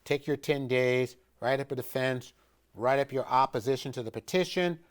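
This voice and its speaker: A middle-aged man explains procedures in a loose, spoken lesson style. He stresses key points with force and circles back on his own sentences. His voice sits at an ordinary male pitch. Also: moderate pace, clean tone. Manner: conversational and emphatic, with frequent restarts and fillers. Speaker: instructor of an educational video series. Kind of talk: informal instructional talk.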